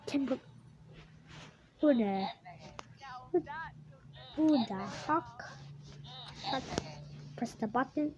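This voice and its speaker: Excitable young woman doing game commentary. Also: high voice, drawn-out words, long pauses, dull audio, background noise. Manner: excitable, exclaiming and gasping at the game. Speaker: gaming YouTuber. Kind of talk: gameplay commentary.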